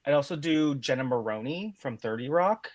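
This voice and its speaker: A man's voice: mid-range voice, animated, normal speed, crowd noise. A man from Canada, a drag queen guest chatting casually on a video call podcast, hesitant with many restarts.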